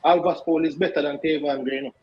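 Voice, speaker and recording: A man's voice: fairly high pitch, fairly even intonation, a little fast, breathy edge, dull audio. A man with a Jamaican accent arguing football in a heated casual debate, firing questions back at his co-host.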